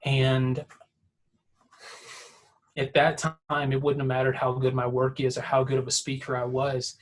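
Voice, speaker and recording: A man, giving a heartfelt personal talk over a video call, emotional and repetitive, swinging from hushed to excited. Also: mid-range voice, unhurried. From Atlanta area, US.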